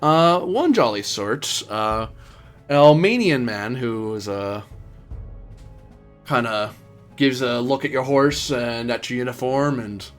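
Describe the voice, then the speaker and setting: A man's voice: mid-range voice, expressive, takes it slowly, faint music behind. A man narrating a tabletop game as game master, in a casual, rambling way with many fillers.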